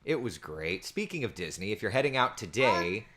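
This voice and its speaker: A man's voice: lowish voice, big pitch swings, normal speed, fairly bright tone. A man giving a casual weather forecast from home, chatting and rambling through viewer comments on a computer camera mic. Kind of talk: casual livestream forecast chat. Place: at home with his small children nearby.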